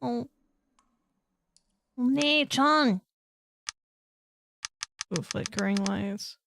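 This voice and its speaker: A woman's voice: a little high, very slow, vocal fry. A woman streamer giving chatty, jokey let's-play commentary as she plays. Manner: animated, chatty, jokey reactions.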